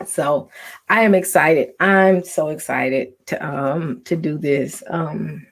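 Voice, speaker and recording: Woman host, low gravelly voice, hushed rambling livestream chat from home. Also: slow pace. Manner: soft, half-whispered talk with many ums and restarts.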